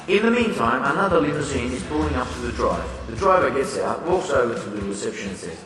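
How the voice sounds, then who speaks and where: A man's voice: mid-range voice, big pitch swings, fast, a bit bright. A man narrating a comic book story in a plain, descriptive way. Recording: echoey hall, far from the mic.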